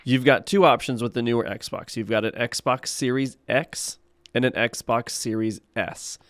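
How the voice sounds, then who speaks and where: A man at a medium pitch co-hosts a casual podcast. He walks through buying advice in plain, practical terms with quick asides. His voice sits close and dry on the mic. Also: a bit bright, no room sound. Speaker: podcast co-host. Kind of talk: casual chat.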